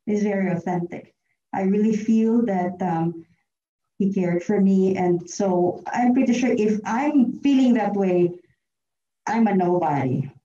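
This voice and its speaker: A woman's voice: medium pitch, measured pace, mellow, slight background noise. A woman giving a heartfelt personal eulogy, chatty and often laughing. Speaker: tribute speaker at a memorial. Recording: roomy, distant, dull lo-fi sound.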